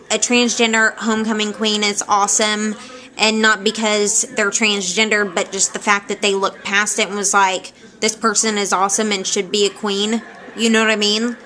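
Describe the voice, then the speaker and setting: A woman telling stories casually to a handheld camera at home, rambling and animated. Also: mid-range voice. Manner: rambling, animated, quick to laugh. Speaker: vlogger. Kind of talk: casual storytelling vlog. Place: at home indoors. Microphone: handheld camera at arm's length.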